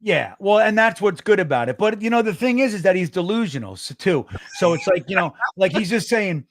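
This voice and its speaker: A middle-aged man, co-hosting a casual sports podcast, animated and swearing, acting out quotes in a raised voice. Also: high voice, brisk, dry recording, studio quality. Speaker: co-host.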